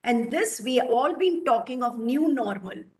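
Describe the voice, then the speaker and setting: A woman's voice: a little high, expressive, moderate pace, a little mellow, roomy sound, low-quality recording. A woman with an Indian English accent giving a webinar talk, telling a moral story in an earnest way. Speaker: webinar speaker.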